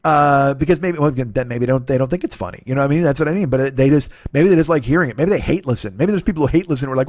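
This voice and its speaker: A man in his forties hosting a solo comedy podcast, talking in a profane, rambling, self-deprecating monologue and acting out quoted voices with sudden pitch jumps. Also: very fast, few pauses, a little mellow, no echo, studio quality. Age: 40s. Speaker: podcast host.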